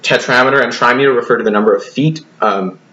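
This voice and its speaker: A man's voice: mid-range voice, quick pace, pushed and bright, echoey room, highs cut off, slight background noise. A man teaching a recorded poetry lesson, talking hesitantly with many ums and restarts, and now and then apologizing. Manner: apologetic asides.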